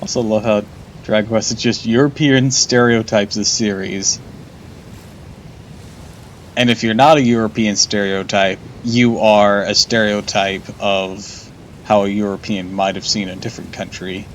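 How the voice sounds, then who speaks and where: A man's voice: lowish voice, fairly even intonation, measured pace, a little hiss or hum, poor audio. A man streaming a game live, chatting casually, laughing often and swearing.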